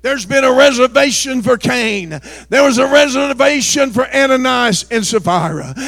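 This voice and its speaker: A middle-aged man preaching an impassioned sermon and altar call, shouting and pressing the listeners to pray. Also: very high-pitched, creaky, no echo.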